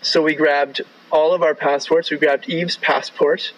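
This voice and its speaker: A man's voice: on the high side, level tone, measured pace, muffled recording. A man from Canada telling a long travel story in a casual, rambling way, full of "like" and "right?".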